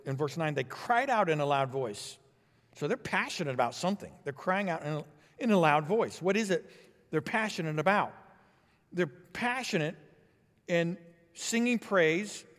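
A man preaching a sermon as pastor, building to emphatic swells and then dropping low and quiet. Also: long reverb tail.

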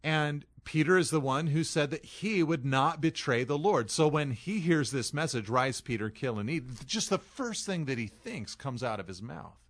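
A man's voice: fairly high pitch, expressive, moderate pace, hardly any pauses. A man preaching an expository sermon, reading scripture aloud and then explaining it in an earnest way, leaning hard on key phrases. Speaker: pastor.

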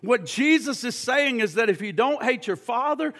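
A man's voice: extremely high pitch, lively intonation, moderate pace. A man preaching a sermon, emphatic and pressing, stumbling over repeated words and firing rhetorical questions at his listeners. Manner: shouts at points.

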